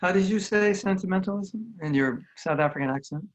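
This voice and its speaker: A man's voice: sits high, brisk, dull audio. An American man giving an earnest, conversational spiritual talk over a video call, acting out the voices he quotes. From United States. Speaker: spiritual teacher. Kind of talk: online talk with questions.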